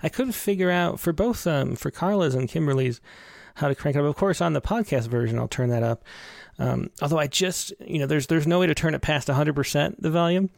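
A man's voice: fairly high pitch, a little fast, gravelly, darkish tone, dry recording. A man hosting a podcast, talking casually and rambling with many fillers. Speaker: podcast host.

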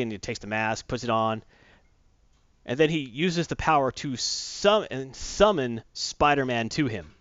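A man in a casual chat, retelling a comic book story in animated fashion and acting out the characters' lines. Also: medium pitch, unhurried, no room sound, lo-fi sound.

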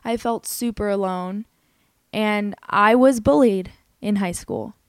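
A woman's voice: medium pitch, slow, smooth, dry recording. A young adult woman hosting a podcast, telling a personal story in an earnest, candid, emotional way, with many "like" fillers. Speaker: podcast host.

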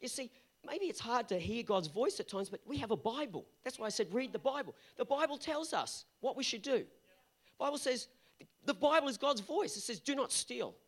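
A man's voice: very high voice, animated, moderate pace. A male pastor delivering an earnest sermon that builds to emphatic peaks.

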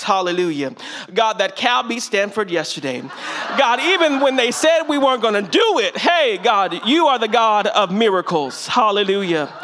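A man's voice: high-pitched, pushed and bright. A young man from California giving a sermon as guest preacher, in a conversational, joking way with many fillers.

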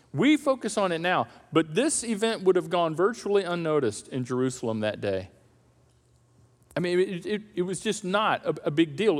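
A man preaching a sermon as pastor, animated and acting out the voices of the crowd. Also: high voice. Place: church auditorium. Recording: reverberant church hall.

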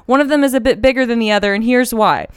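A woman's voice: on the high side, quick pace, smooth, no echo, studio quality. A woman co-hosting a podcast, reading listener letters aloud in an effusive, chatty way. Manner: effusive, reads listener mail aloud, tearful when moved. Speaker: podcast co-host. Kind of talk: casual chat. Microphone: handheld mic.

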